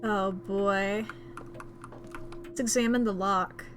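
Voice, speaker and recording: A woman's voice: medium pitch, steady tone, slow, faint music behind. A woman streamer giving playful, joking let's-play commentary, reading and reacting to a game. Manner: playful, joking, self-mocking.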